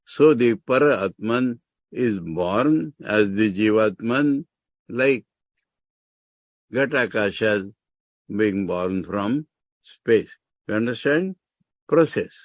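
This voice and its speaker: With a fairly low, expressive voice, a man speaking Indian English teaches scripture as a monk, breaking down Sanskrit terms one word at a time with emphatic rises. He speaks slowly and pauses often, and the recording has no room sound.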